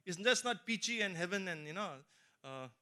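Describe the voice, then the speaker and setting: A middle-aged man preaches a sermon as earnest personal testimony, delivered in a high, pushed, bright voice with a clean tone. His intonation is lively and his pace moderate as he stresses key phrases with rising emphasis and keeps turning to address his listeners directly.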